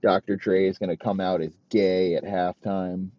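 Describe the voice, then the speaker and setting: A man with a very low voice rants crudely and rambles, swearing constantly in mock outrage. The recording is dull and dry, with no room echo. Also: little pitch movement, normal speed. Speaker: podcast host. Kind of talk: profane comedic rant.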